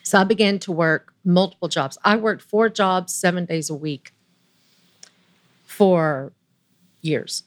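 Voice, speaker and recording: Animated Southern woman in her sixties. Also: takes it slowly, long pauses, dry recording. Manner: chatty, animated, voice rising high when excited. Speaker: interview guest. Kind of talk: personal storytelling.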